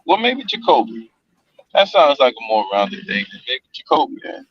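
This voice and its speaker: A man's voice: mid-range voice, very animated, normal speed, breathy edge, no echo. A man calling in to a casual sports chat from his phone while on the move, easygoing and hedging his picks with lots of yeahs. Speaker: call-in co-host. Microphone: phone call on the move. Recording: dull dry lo-fi phone line.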